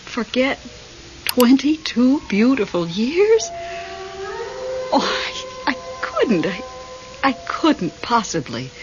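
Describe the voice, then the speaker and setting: An actress playing a lonely, nervy widow in an old radio drama, talking in a fretful, breathless way. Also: female voice, a little high, big pitch swings, slow pace, pauses often, over music. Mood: pleading. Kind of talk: 1970s radio drama acting. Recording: muffled old radio broadcast, faint hiss.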